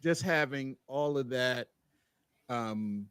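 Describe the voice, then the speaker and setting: A man talks sports in a loose, teasing way. His voice sits at an ordinary pitch and sounds close and dry, with no room around it. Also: slow pace, smooth, no room sound. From Baltimore. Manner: animated, laughing, teasing banter. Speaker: sports podcast host. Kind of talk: casual sports chat.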